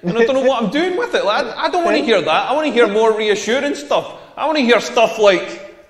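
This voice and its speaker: With an extremely high, expressive voice and a fairly quick pace, a Scottish stand-up in his forties, originally from rural Scotland, mocks and jokes crudely through his club set. The delivery is brash, and the recording echoes with the long reverb of a roomy club.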